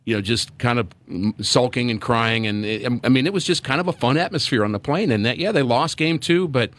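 A man's voice: mid-range voice, animated, fairly quick, a bit bright, no echo. A middle-aged man, a former player turned radio broadcaster, talking earnestly in a sports radio pregame chat with many fillers and restarts.

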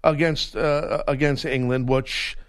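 A man's voice: mid-range voice, fairly even intonation, slow. A man co-hosting a sports radio show, talking in an emphatic, argumentative way. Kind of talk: casual sports radio chat.

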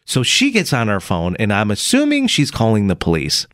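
A man hosting a morning radio show, telling a story in a casual, animated way and laughing as he goes. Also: on the low side, normal speed, dry recording, clean studio sound.

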